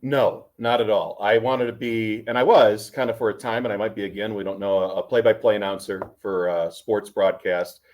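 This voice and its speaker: Relaxed male talk radio host as guest. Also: lowish voice, moderate pace, hardly any pauses. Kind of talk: casual interview chat.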